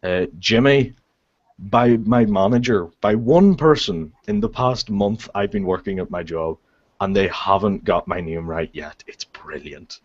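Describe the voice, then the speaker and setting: A man's voice: on the low side, unhurried. Northern Irish guy, sweary storyteller. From Northern Ireland. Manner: swearing freely, laughing at his own stories. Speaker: guest on a live chat show. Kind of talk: casual storytelling. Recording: dull lo-fi sound.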